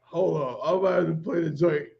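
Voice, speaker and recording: Podcast host guy, slangy and laughy, fairly high voice, kinda dull lo-fi sound. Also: fairly even intonation, moderate pace, gravelly. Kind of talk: casual chat.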